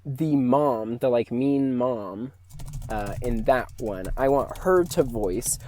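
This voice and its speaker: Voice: medium pitch, warm tone, dry recording. A podcast co-host chatting casually about a book, rambling and self-deprecating, often trailing off mid-thought. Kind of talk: casual book club chat.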